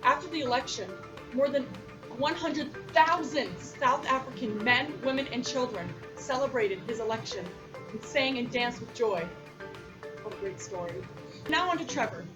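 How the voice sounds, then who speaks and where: A young woman reads a school-project newscast with eager enthusiasm. Her voice sits fairly high, and music plays underneath. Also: normal speed, low-quality recording. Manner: bright, enthusiastic reading with cheers. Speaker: news anchor. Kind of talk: read mock news broadcast.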